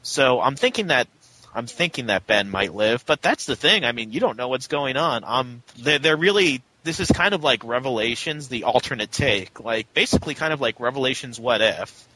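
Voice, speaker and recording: A chatty man co-hosting a casual comic book podcast, his voice bright and forceful. He talks in a loose, animated way and slips into quick mock voices. A faint hiss of noise sits under the recording. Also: medium pitch, rough recording. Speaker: podcast co-host.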